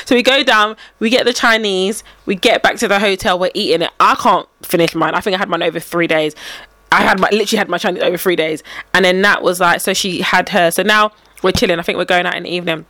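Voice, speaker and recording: A woman's voice: mid-range voice, fairly even intonation, quick pace, fairly bright tone, dry recording. A young woman, casually telling a story on a podcast, acting out quotes and laughing often. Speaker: podcast co-host. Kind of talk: casual chat.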